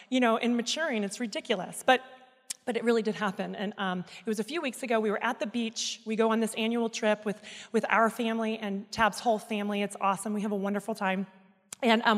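A woman in her thirties speaking into a microphone at a church service, telling a candid personal story in an animated, self-mocking way. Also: fairly high pitch. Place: church auditorium. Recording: echoey hall sound.

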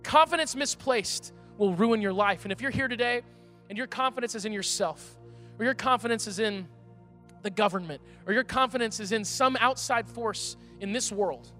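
High-voiced man preaching a lively sermon. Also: normal speed. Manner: animated, conversational, emphatic. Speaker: pastor. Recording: reverberant hall, faint music.

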